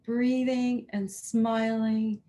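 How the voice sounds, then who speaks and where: A woman's voice: a little high, little pitch movement, mellow. A woman leading a guided chakra healing meditation, speaking soothing affirmations for listeners to repeat. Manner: slow, soothing, affirming, leads repeat-after-me statements.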